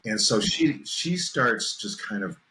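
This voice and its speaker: A man's voice: on the low side, lively intonation, unhurried, crowd noise, low-quality recording. A man hosting a podcast, telling a spooky personal story in casual chat, building suspense and checking in with his listener. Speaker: podcast host.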